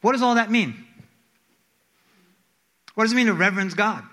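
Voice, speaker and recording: A man preaching a sermon to a congregation, reading scripture and asking the room questions, swinging from emphatic pleas to quiet asides. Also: moderate pace. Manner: animated, rising to emphatic high pleas then dropping low.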